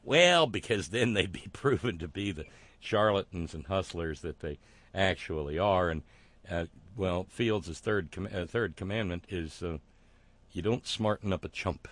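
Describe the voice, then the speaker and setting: A man hosting a talk show, delivering sardonic, wry commentary with frequent fillers and halting restarts. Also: sits low, fairly bright tone, dry recording.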